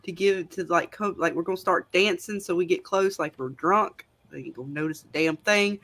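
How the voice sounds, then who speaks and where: A woman playing a tabletop game with friends, lively and quick to laugh. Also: on the low side. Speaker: player.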